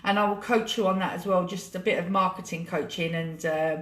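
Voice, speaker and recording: A woman's voice: on the low side, steady tone, brisk, a bit bright. A British woman coaching her group on a live stream, chatty, emotional and swearing freely. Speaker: money coach hosting a live challenge. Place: home room with a laptop. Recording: echoey room.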